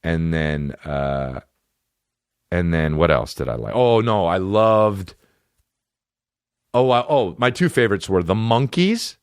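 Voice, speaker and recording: Deep-voiced, profane male podcast host. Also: big pitch swings, takes it slowly, long pauses, smooth, dry recording, clean studio sound. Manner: profane, rambling, jumps into goofy voices. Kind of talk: casual comedic chat.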